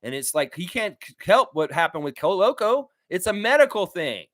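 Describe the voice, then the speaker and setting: A male sports streamer reacting live to his chat, blunt and animated, his pitch jumping up and down as he hammers his points home. His voice is fairly high for a man. The sound is dry and close, with no room echo. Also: moderate pace, few pauses. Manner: blunt, animated, swears freely, repeats himself for emphasis.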